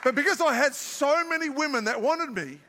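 A man's voice: very high-pitched, lively intonation, brisk, in a large hall, a crowd in the background, background noise. An older man with an Australian accent preaching a sermon, moving between scripture points and joking, self-mocking asides. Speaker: pastor. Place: large church auditorium.

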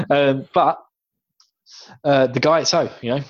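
A man's voice: medium pitch, slow pace, no echo, lo-fi sound. An English man co-hosting a podcast, chatting casually through a book recap, laughing often and slipping into voices for the scenes. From England. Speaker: podcast co-host.

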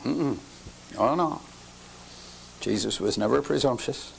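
A man's voice: medium pitch, animated, moderate pace, creaky, fairly bright tone, slight background noise. An older man teaching a lecture-style sermon, folksy, often quizzing his listeners with questions. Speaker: lay teacher.

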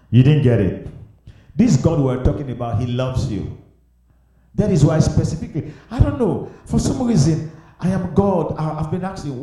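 A male preacher delivers a sermon in a very echoey church hall. His voice sits a little high, but its tone is warm and mellow. He swings between quiet pleading and loud, fervent outbursts. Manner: impassioned, swings from hushed pleading to loud exclamations. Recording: very echoey room.

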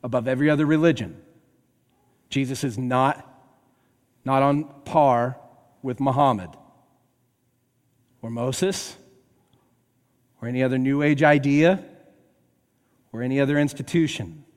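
A man preaching a sermon as pastor, emphatic, swinging between raised and hushed delivery. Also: mid-range voice, measured pace, long pauses, big-room sound.

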